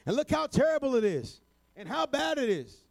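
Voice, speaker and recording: A man preaching a sermon, building to shouted, rhythmic refrains and sprinkling his lines with "amen" and "uh". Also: extremely high pitch, very animated, moderate pace, creaky.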